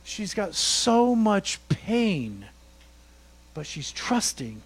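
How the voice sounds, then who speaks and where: A male pastor delivers a sermon in a high voice, speaking slowly and deliberately. He leans on repetition and rhetorical questions to drive home each point. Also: sing-song. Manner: emphatic, repeats words for stress, rhetorical questions.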